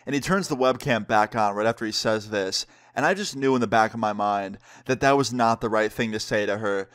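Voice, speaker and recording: A young man telling a story in a casual, animated storytime vlog. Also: on the low side, brisk. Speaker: vlogger.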